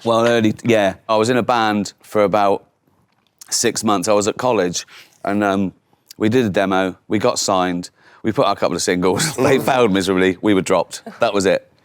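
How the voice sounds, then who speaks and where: A man's voice: fairly low pitch, moderate pace, clean tone, no room sound. A man, telling anecdotes in a casual chat and acting out other people's voices. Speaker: guest comedian.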